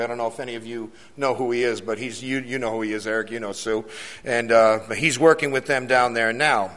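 A man's voice: a little high, fairly bright tone. A man serving as a jail chaplain, giving an earnest testimony to a church committee and repeating key phrases for emphasis.

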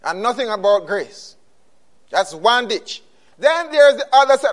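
Male preacher, unhurried delivery, hammers key phrases through repetition. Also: very high-pitched, big pitch swings. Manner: emphatic, repeats key phrases. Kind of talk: sermon.

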